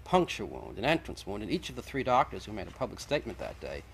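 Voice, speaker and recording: A man's voice: lowish voice, big pitch swings, fast, gravelly, a bit bright, a little hiss or hum, poor audio. A man, the guest in a televised debate, arguing insistently and methodically, point by point.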